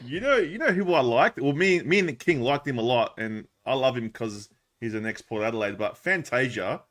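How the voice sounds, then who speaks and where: Man, bright tense voice, chatty podcast co-host. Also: medium pitch, animated, brisk. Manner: chatty interjections and questions. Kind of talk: casual footy podcast chat.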